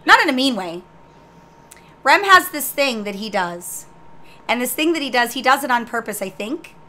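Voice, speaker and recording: A woman co-hosting a casual gaming podcast, telling stories in a brash, profane, teasing way. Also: fairly high pitch. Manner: brash, profane storyteller, animated and quick to tease. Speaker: podcast co-host and guild master.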